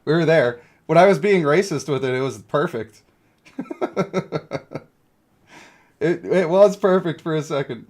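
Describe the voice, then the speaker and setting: A man's voice: on the high side, animated, a little slow, long pauses, a little mellow. A young man streaming a mobile game, rambling and joking as he thinks aloud about characters. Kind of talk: casual live-stream commentary.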